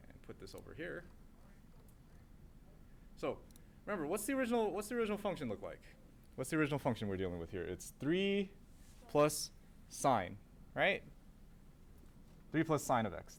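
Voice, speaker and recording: A man's voice: medium pitch, slight background noise. A man teaching a calculus class, asking students questions, then answering them himself and repeating key terms. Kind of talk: classroom lecture.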